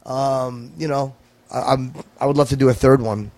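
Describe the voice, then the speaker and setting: A man guesting on a podcast as a stand-up comedian, talking in a dry, measured, profane way. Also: medium pitch, steady tone, a little mellow, no echo. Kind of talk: casual podcast chat. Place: home podcast room.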